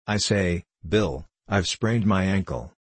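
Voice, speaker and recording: A man's voice: low-pitched, animated, slow, breathy edge, dry recording, heavily acted. A man voicing a weary, worn-out prospector who talks in a dreary, expressionless way. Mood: pleading.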